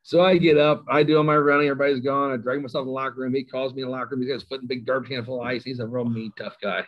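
A middle-aged man with a Kentucky accent, a high school coach telling stories as a guest, self-mocking and laughing often. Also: level tone, very fast. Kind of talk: casual storytelling interview. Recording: slightly dull lo-fi sound.

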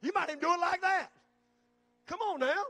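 High-voiced preacher building to shouts. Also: male voice, fairly quick, no room sound. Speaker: pastor. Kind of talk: sermon.

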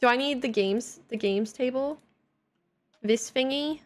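A woman's voice: sits high, a little slow. Playful woman streamer chatting with viewers. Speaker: livestreamer. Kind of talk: casual live-stream chat while playing. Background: faint game music.

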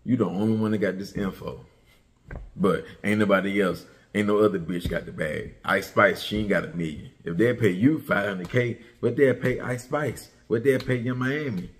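A man's voice: lowish voice, moderate pace. Male commentary host, heated and mocking, delivers a repetitive profane rant.

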